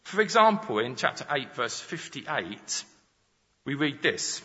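A man's voice: medium pitch, very animated, a little slow, pushed and bright. A man preaching a sermon, explaining Scripture with examples and rhetorical questions. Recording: dull sound with long reverb in a large hall.

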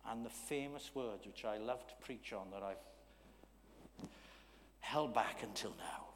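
A man preaching a sermon in a church, talking conversationally, checking in with the congregation and swinging from loud emphasis to hushed asides. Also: on the low side, slow, in a large hall, a little hiss or hum.

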